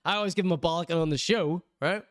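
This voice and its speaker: Speaking fast in a fairly high voice, the Northern Irish host spins lively stories in loose conversation, putting on voices for the people in them. The recording is clean studio audio without any echo.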